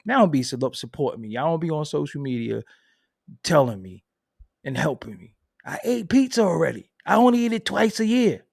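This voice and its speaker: A man hosting a casual live stream, answering chat in a loud, laughing, profane way that swings from mumbling to shouting. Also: a little high, very animated, a little fast, creaky, breathy edge, dry recording, clean studio sound. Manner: reads and answers viewer chat. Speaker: host.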